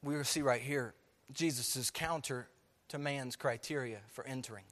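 A man preaching a sermon to his church, emphatic, swinging from soft to loud. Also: medium pitch, normal speed, long reverb tail. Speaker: pastor. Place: church sanctuary.

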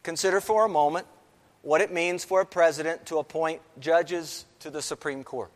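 Preaching in a church sanctuary, this pastor hammers home his points by repeating key phrases. He speaks at a normal speed in a steady tone, his voice pitched on the high side. Long reverb from the big hall fills the recording.

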